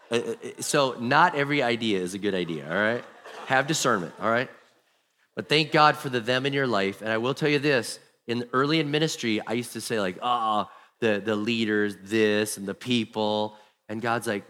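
A man's voice: mid-range voice, fairly quick, fairly bright tone, in a large hall. A man preaching a sermon as pastor, telling stories and acting out the people he quotes. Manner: storytelling, acts out quoted people.

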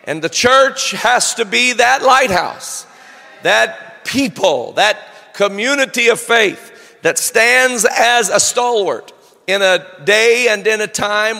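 A man preaching a sermon, slow and deliberate, building up to shouted declarations. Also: high-pitched, gravelly, big-room sound.

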